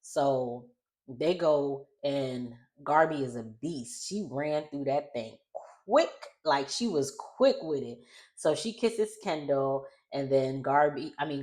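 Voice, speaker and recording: A woman's voice: a bass voice, a little mellow. A woman casually recapping a reality show, chatty and rambling, often correcting herself.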